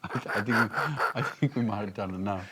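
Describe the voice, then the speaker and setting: A young Australian man hosting a casual comedic chat, teasing and crude with quick-witted jabs. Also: fairly low pitch, steady tone, a bit bright, slightly rough. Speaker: host. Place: kitchen, cutting onions. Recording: noisy kitchen recording.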